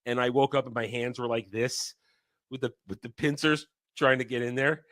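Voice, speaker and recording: A man co-hosting a casual podcast, telling crude, animated stories. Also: mid-range voice, moderate pace, no room sound. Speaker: podcast co-host.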